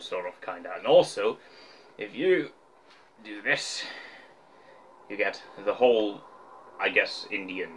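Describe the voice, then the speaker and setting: A young man talking casually to camera about his records, rambling and joking at his own expense with lots of fillers. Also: mid-range voice. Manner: rambling, joking, self-mocking, many fillers. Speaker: vlogger showing his record collection.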